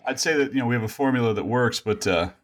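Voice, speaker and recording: A man's voice: medium pitch, fast talker. A middle-aged man hosting a podcast in casual, jokey, rambling chat. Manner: jokey, rambling, self-deprecating. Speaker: podcast host.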